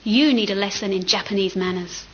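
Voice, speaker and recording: Woman voicing a hulking belligerent drunk laborer, hollering and rough, muffled storybook read. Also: mid-range voice, a little fast, natural voice. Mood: angry. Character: big angry drunk male labourer. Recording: muffled with faint hiss.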